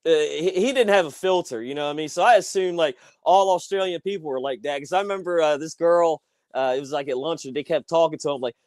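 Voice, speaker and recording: A man's voice: on the high side, fast, few pauses, a little mellow, no room sound. A man hosting a laid-back interview, with plenty of fillers. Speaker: interview host and former referee. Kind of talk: casual interview chat.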